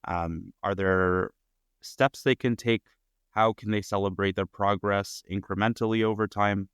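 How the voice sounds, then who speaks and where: A man hosts a podcast in a very low voice that stays flat and steady. He affirms his guest and asks measured questions. His voice is smooth and close, with a dry sound. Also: no echo. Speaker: podcast host. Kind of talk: podcast interview.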